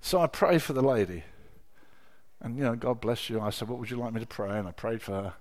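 A middle-aged man preaching a sermon, telling personal stories with emotion, dropping to a hush and then rising to loud exclamations. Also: medium pitch, brisk. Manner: emotional, swings from hushed storytelling to loud exclamation.

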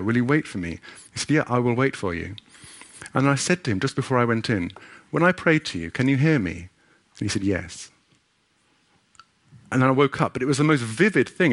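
Man preaching with earnest personal testimony. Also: on the low side. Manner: earnest storytelling with frequent restarts.

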